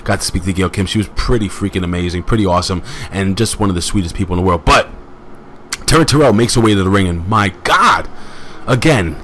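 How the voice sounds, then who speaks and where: A man casually recapping a wrestling show as host, rambling with excitable asides and plenty of fillers. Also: deep voice, fast talker, a little hiss or hum.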